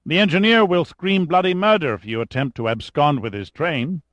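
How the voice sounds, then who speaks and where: A man's voice: on the high side, moderate pace, fairly bright tone, no echo, lo-fi sound, voice pushed up, close to an everyday voice. A man voicing a formal, resolute British officer in a clipped, proper manner. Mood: warning.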